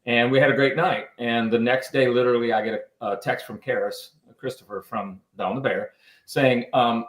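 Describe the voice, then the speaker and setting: A man, a musician and guest on a radio show, telling stories about his band in an animated way. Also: medium pitch, normal speed, echoey room, poor audio. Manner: animated storyteller, lively quoted voices. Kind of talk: storytelling in interview.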